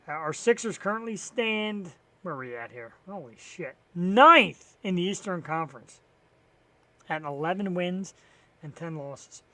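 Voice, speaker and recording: High-voiced man rambling on a live show. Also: lively intonation, unhurried, sharp tone. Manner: rambling, profane and wry, sarcastic about sports. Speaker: talk show host. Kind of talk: solo live-stream chat filling time.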